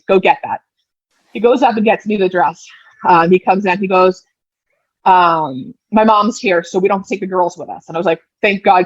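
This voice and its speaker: A woman's voice: fairly low pitch, no echo, highs cut off. A woman in her thirties, a podcast guest, telling a personal story in a casual way and acting out the lines people said. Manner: lively retelling, acting out quoted lines.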